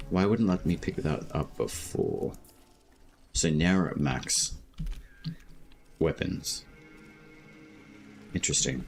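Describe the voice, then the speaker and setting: An Australian man chatting casually while streaming a game, talking slowly and laid-back with many filler words. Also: low voice, gravelly, darkish tone. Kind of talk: casual live-stream chat.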